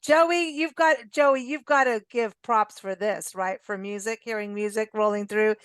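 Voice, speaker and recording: A woman's voice: mid-range voice, fairly even intonation, unhurried, smooth, no echo, clean studio sound. A woman hosting a radio chat show, chatty and enthusiastic, teasing her guests. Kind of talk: casual chat.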